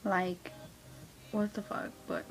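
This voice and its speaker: A woman's voice: mid-range voice, little pitch movement, slow pace, faint music behind, poor audio. A young woman telling a blunt, profane, slang-heavy story of being played by a boyfriend. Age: young adult. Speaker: vlogger. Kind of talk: casual storytelling rant.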